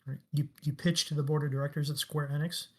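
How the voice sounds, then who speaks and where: A man's voice: on the high side, little pitch movement, quick pace, a little mellow. A middle-aged man talking as a guest in a casual interview, telling stories enthusiastically and with emphasis. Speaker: guest, game industry veteran.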